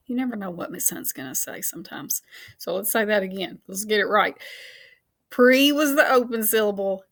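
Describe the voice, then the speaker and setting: Her voice is medium-pitched and fairly bright as this woman teacher gives a recorded phonics lesson to children. She encourages them patiently, spelling and counting out slowly and laughing away her own slips.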